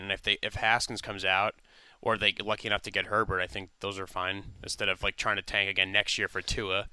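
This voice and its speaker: Male voice, low and crisp, opinionated sports talk, dry close mic. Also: little pitch movement, pushed and bright, dry recording. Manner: opinionated, quick, filler-heavy.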